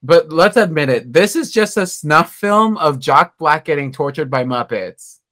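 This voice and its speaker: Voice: medium pitch, lively intonation, a little slow, a bit bright. Co-host, casual banter, dry sarcastic asides. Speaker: podcast co-host. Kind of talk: casual chat.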